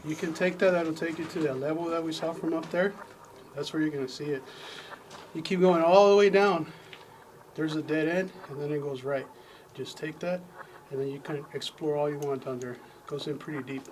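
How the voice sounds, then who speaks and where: Man, local guide, steady directions, heard from off-mic with noise. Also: fairly high pitch, fairly quick. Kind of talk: giving directions. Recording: distant voice with background noise.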